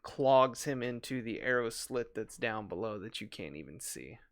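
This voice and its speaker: A man's voice: mid-range voice, expressive, moderate pace, vocal fry, no echo, clean studio sound. A man narrating as game master for a tabletop game, describing the action and clarifying the rules.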